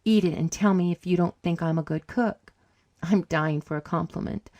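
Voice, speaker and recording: A woman's voice: lowish voice, normal speed, a little mellow, dry recording, lo-fi sound, close to an everyday voice. A woman reading an audiobook, voicing a proud, bitter older lady who speaks grimly. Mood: wry. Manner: grim and clipped.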